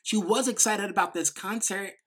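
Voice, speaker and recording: A woman with a New York accent giving a motivational talk, quick and emphatic, with many "like" fillers. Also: medium pitch, fairly even intonation, fairly bright tone, husky. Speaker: speaker.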